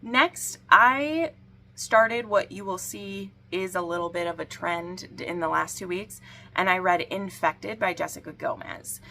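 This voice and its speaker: A woman gives a candid, rambling book review, peppering her talk with "like." Her voice sits a bit low, with plenty of vocal fry and a bright, forward tone. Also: a little slow. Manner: rambling, frank, heavy use of "like". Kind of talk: casual book review chat.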